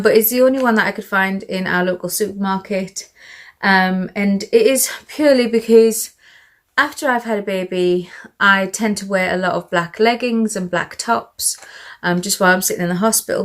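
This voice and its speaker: Breathless British woman vlogging. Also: medium pitch. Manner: chatty, rambling, with fillers and trailing asides. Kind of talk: casual show-and-tell chat.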